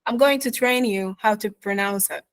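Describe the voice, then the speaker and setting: A woman teaching pronunciation in an online lesson, modeling words slowly and checking in with her students. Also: medium pitch, dry recording, low-quality recording. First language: Arabic. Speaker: accent teacher.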